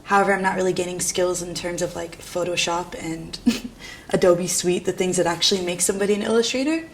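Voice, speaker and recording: A woman's voice: fairly low pitch, steady tone, fairly quick, a little hiss or hum. Young irreverent New woman. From New York. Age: young adult. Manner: irreverent, self-mocking, laughs often, swears casually. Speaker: art student. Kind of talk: candid documentary interview.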